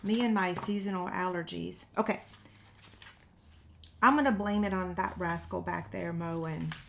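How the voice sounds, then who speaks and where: A woman's voice: lowish voice, normal speed, creaky. A woman hosting a paper-craft tutorial, chatting with viewers in a self-deprecating way while she works, with a slightly runny nose. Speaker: paper-craft video host. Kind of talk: casual crafting tutorial chat.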